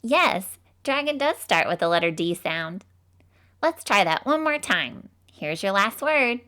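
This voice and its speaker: A woman's voice: mid-range voice, sing-song, unhurried, sharp tone. A woman voicing a cheerful cartoon phonics teacher, encouraging children with bubbly, sing-song praise.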